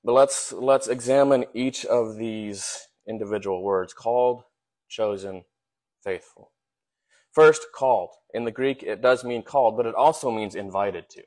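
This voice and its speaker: A man with a fairly low voice preaches a sermon in a relaxed, conversational way. He often stops on fillers and repeats words as he finds his phrasing. He asks his listeners rhetorical questions. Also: measured pace.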